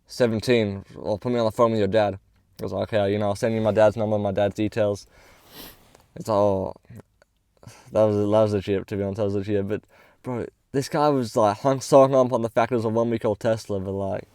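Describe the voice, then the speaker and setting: A man's voice: fairly low pitch, warm tone, no echo, clean studio sound. A young man telling a casual storytime, slangy and swearing often, acting out the other people's lines as he goes. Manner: slangy, swears often, acts out quoted dialogue. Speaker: vlogger.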